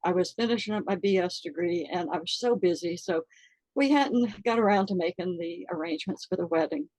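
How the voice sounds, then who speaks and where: An older woman telling a personal story in an interview, halting and earnest, with many fillers, close to tears. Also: fairly low pitch, lively intonation, darkish tone, no room sound, poor audio. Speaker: interview guest.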